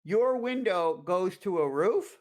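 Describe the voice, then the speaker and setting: A man on a podcast who keeps cutting in to pin down details, with dry asides. His pitch moves around a lot, rising and dipping lively from line to line. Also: slow pace. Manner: presses for details, dry interjections. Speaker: podcast co-host. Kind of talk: casual chat, questioning.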